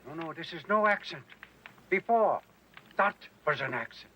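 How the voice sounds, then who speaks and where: A man's voice: a little high, lively intonation, normal speed, muffled recording, a little hiss or hum. An actor playing a feeble old male professor who hides a villainous past, wry and evasive. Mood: sly. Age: older.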